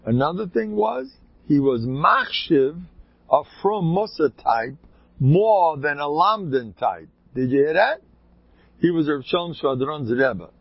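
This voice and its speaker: A man with a rough, gravelly, husky voice tells long rambling anecdotes and breaks into emphatic bursts. The sound is dry and close. It is a dull, lo-fi recording. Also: a little high, very animated, measured pace, no room sound. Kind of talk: casual spoken anecdotes.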